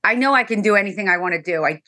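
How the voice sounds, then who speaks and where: Speaking very fast at a medium pitch, a middle-aged guest mother recounts an emotional story from her own life, acting out the dialogue with animated flair.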